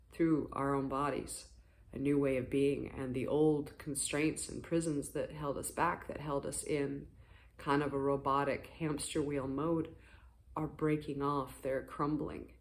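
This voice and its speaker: Gentle, earnest spiritual vlogger. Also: mid-range voice, level tone, unhurried, slight background noise. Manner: gentle, earnest and encouraging, rambling at times. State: voice a little rough from sleep. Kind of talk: casual morning talk to camera.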